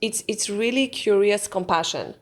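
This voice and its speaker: Woman coach, calm and reflective, podcast guest, medium pitch. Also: normal speed. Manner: calm, reflective, talks herself through questions. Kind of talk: podcast interview.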